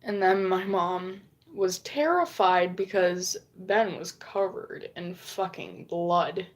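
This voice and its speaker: Female vlogger, unhurried storyteller, rambling and profane. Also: lowish voice. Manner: rambling, frequent swearing, acts out quoted lines. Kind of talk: casual storytelling.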